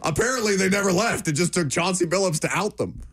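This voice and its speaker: A man's voice: sits high, quick pace, a bit bright, husky, no echo. A man hosting a sports talk radio show, opinionated and emphatic.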